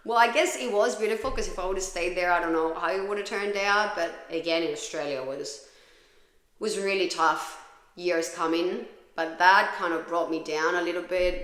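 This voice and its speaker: A woman's voice: on the low side, a bit bright, reverberant. A woman hosting a podcast, telling her own story in a raw, profane, confessional way. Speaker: podcast host. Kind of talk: candid personal storytelling.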